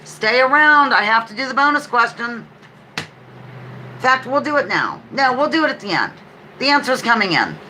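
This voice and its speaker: A woman hosts a relaxed live-stream quiz, chatting between questions and tossing off playful asides as she reads the clues aloud. Her voice is bright and forward, with faint noise in the background. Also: a little high, moderate pace, low-quality recording. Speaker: livestream trivia host.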